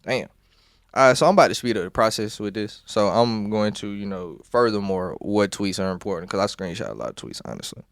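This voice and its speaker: A man's voice: on the low side, lively intonation, brisk, no echo, studio quality. A man podcast hosting, reading out a trial transcript line by line and breaking off into blunt, profane commentary. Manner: reads both sides of an exchange aloud, then breaks into blunt profane asides. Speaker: podcast host.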